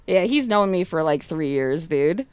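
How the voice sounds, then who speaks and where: A woman streamer talking loosely to her chat in a relaxed, profane way, retelling stories between laughs. Her voice is smooth and clear, recorded close and dry with no room sound. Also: deep voice, dry recording. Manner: laughing, swearing, retelling chats with friends and family. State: coughing. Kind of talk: casual livestream chat.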